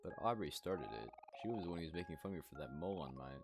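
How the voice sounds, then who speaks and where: A man voicing a mischievous, teasing young boy in a video game, in a flat reading voice. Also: sits low, rapid-fire. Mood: defensive. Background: game soundtrack.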